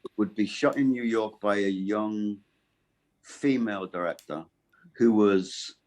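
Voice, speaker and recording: A middle-aged man in a casual interview, speaking in halting bursts with many restarts and fillers, with a gravelly low voice. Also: a little mellow. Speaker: voice actor guest.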